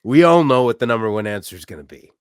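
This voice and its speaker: A man co-hosting a podcast, telling a story in casual chat and acting out loud shouts along the way. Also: mid-range voice, fast, clear, resonant tone, no room sound, clean studio sound. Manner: loud, animated storyteller who acts out shouts. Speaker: podcast co-host. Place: apartment room.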